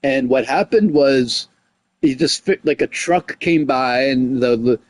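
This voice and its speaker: A man with a medium-pitched voice talks a little slowly, with no echo, while chatting on a gaming livestream. He rambles full of "like" and "you know what I mean" and gets loud and heated as his conflict story unfolds.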